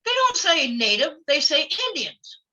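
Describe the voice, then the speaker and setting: Blunt, bright-voiced woman, lo-fi recording. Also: sits high, very animated, moderate pace. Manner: outspoken and blunt, laughs easily. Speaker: guest, former wrestler. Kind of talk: casual interview chat. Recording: lo-fi audio.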